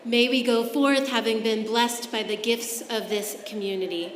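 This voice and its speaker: A woman assistant minister speaking a measured, solemn closing blessing. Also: a little high, slight background noise. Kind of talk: closing benediction. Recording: echoey church hall.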